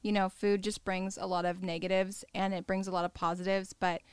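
A woman hosts a casual podcast chat, warmly agreeing with her guest and tossing in frequent yeahs. Her tone is smooth and clear at a middle pitch for a woman. The recording is close and dry. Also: little pitch movement, brisk, no room sound. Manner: agreeable, many affirming yeahs and fillers. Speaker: podcast host.

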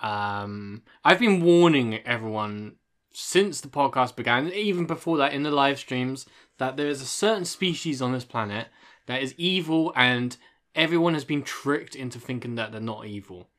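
A man co-hosting a podcast in casual chat, excitable as he builds up to a story. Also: medium pitch, moderate pace. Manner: excitable, builds up to his news. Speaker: podcast co-host.

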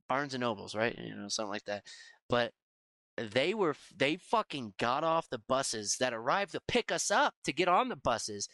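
A man's voice: mid-range voice, pushed and bright, no echo. Laughing, cursing young man, dry sound. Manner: profane, laughs often. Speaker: podcast co-host. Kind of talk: casual storytelling chat.

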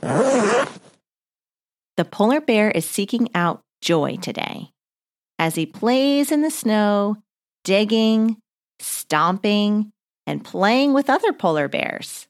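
Slow, gentle woman guiding mindfulness. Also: medium pitch, big pitch swings. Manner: gentle, leads breathing and movement exercises. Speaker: host of children's mindfulness podcast. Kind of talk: guided mindfulness story for children.

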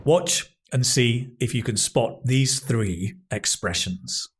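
A man's voice: medium pitch, slow pace, a little hiss or hum. A man teaching English, explaining phrases patiently one at a time and chatting with a colleague. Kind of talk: explaining vocabulary, casual chat.

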